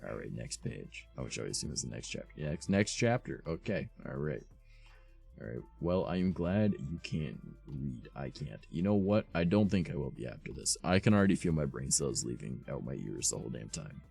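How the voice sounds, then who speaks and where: A man with an extremely low, gravelly voice reads fanfiction on a live stream at home. His husky delivery swings up and down as he breaks off for sarcastic asides. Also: sing-song, moderate pace, darkish tone, soft background music. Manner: sarcastic asides between dramatic readings.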